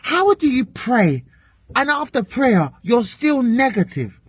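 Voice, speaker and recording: A British woman vents in a chatty vlog, exasperated and swearing freely. Her pitch leaps and dips all the time. The sound is dry and close. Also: a little slow, husky, no echo. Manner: animated, exasperated ranting with frequent swearing. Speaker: vlogger.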